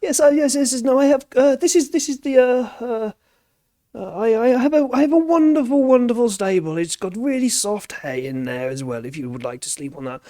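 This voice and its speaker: A man voicing a posh, fussy male hobbit farmer who stammers and gets flustered. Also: brisk. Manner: flustered, stammering, high and excitable.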